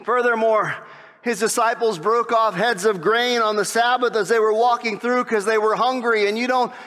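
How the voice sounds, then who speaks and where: A male pastor preaching a sermon, animated, often acting out the voices of the people in his story. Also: very high voice, normal speed. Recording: long hall reverb.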